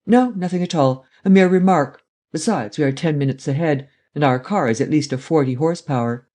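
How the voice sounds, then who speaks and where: A man voicing Lupin, a witty, mocking gentleman thief, in a read-aloud adventure story. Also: a little high, brisk, natural voice. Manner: mocking, jaunty.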